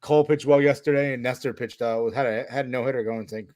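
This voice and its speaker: A man's voice: mid-range voice, fairly even intonation, fast talker, darkish tone, no echo, clean studio sound. A man co-hosting a casual sports podcast, joking and laughing often as he talks. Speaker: podcast co-host.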